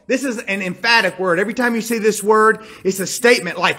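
A male pastor delivers a sermon with a high voice and a husky, slightly rough edge. He retells a scripture story and turns to the congregation with emphatic questions and direct appeals. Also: animated, moderate pace, pushed and bright.

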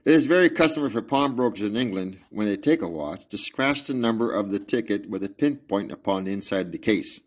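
A man reading aloud as a brilliant, precise Victorian male detective, in a measured, lecturing manner. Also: on the low side, animated. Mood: explaining. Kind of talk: audiobook reading with asides.

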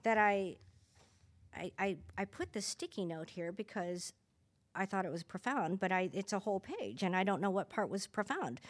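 A woman's voice: mid-range voice, animated, moderate pace. A middle-aged woman giving a candid, self-mocking personal share at a recovery meeting, often restarting her sentences.

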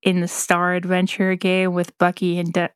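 A woman co-hosting a podcast in casual chat, talkative and quick to laugh. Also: lowish voice, monotone, clear, resonant tone, dry recording, clean studio sound. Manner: chatty, laughs often, quick asides. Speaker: podcast co-host.

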